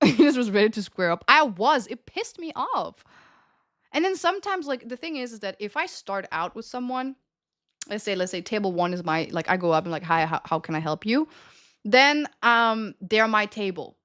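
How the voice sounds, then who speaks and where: A woman's voice: on the high side, very animated, moderate pace, a bit bright, no echo, studio quality. A young woman live streamer casually telling a story to her chat, laughing often and swearing freely.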